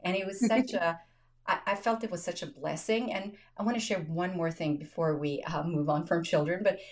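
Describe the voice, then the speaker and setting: A woman's voice: lowish voice, a little fast. A woman hosting a podcast, telling a personal story in casual conversation, acting out quotes and laughing often. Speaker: podcast host.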